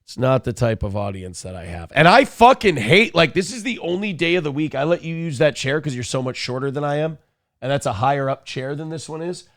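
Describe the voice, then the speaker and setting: A man's voice: on the high side, expressive, brisk, a bit bright, dry recording, studio quality. A sick, cranky man hosting a live morning show, crude and profane, mocking others with put-on voices. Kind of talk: profane live-stream commentary.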